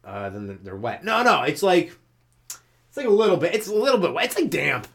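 A man's voice: very animated, brisk, a bit bright, slightly rough. A man doing a loose, rambling stand-up comedy monologue on his podcast, self-mocking and jumping into silly voices, with a smoker's cough. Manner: loose and self-mocking, acts out silly characters in jumps of pitch.

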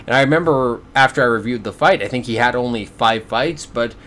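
A man's voice: medium pitch, a little fast, fairly bright tone. Exasperated man ranting about boxing. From Canada. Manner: exasperated, sarcastic, stammers and repeats words. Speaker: podcast host. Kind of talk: casual boxing review.

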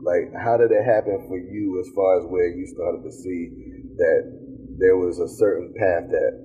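A man's voice: low voice, fairly even intonation, measured pace, warm tone. A man hosting an interview, asking long, rambling questions with many fillers. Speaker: interview host. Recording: dull lo-fi audio with faint noise.

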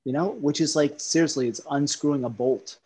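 Husky-voiced man telling animated stories. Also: a little high, a little fast. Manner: animated storyteller who jumps between topics. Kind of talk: casual podcast conversation.

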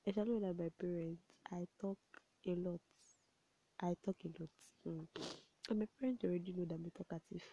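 A young woman rambles through stories to her camera, now and then sinking into quiet asides. Her voice sits low and dark, with a gravelly, husky edge. The recording is dry and a little dull. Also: fairly even intonation, brisk. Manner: chatty, rambling, laughs often, drops to soft asides. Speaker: vlogger. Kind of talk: casual storytelling to camera.

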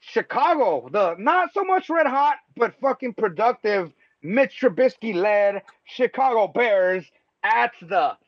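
High-voiced excitable man on a podcast. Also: slow, no room sound. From Mexico. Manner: loose, profane, excitable, laughs often. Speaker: podcast host. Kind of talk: casual sports chat. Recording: dull lo-fi sound, dry.

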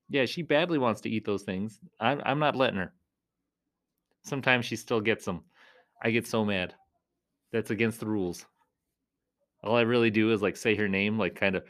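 In a rambling vlog, a man who works as a clown entertainer talks in a casual, playful way. Every so often his voice jumps up into goofy high pitches.

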